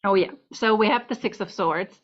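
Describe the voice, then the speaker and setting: A woman reads tarot casually to camera from her home, talking at a moderate pace in a medium-pitched voice. Her delivery is chatty and rambling, a little breathless, with asides to her cat between points. The audio is dull lo-fi.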